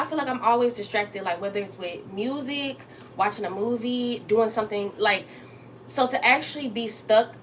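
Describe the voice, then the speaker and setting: A woman's voice: fairly bright tone, slight background noise. Chatty young woman cooking on a livestream. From Texas. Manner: chatty, talks straight to viewers, bursts up high to greet them. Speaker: livestream host. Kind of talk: casual livestream chat while cooking. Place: home kitchen.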